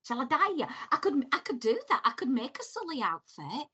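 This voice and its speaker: A woman's voice: high-pitched, big pitch swings, fairly quick, fairly bright tone, breathy edge, lo-fi sound. A woman co-hosting a podcast, chatting animatedly and telling stories with exasperation. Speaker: podcast co-host. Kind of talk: casual chat.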